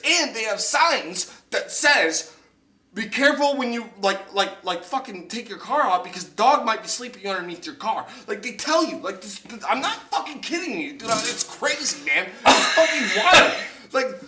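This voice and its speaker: Heard from a distance in an echoey space and slightly off-mic, a young man with a high-pitched voice hosts a podcast. His casual storytelling is lively and full of swearing, and he acts out the lines of everyone he talks about.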